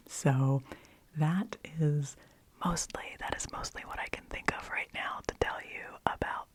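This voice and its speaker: A woman whispering softly into a close microphone in a rambling ASMR chat, unhurried and full of little fillers. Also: sits low, slightly rough. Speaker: ASMR host.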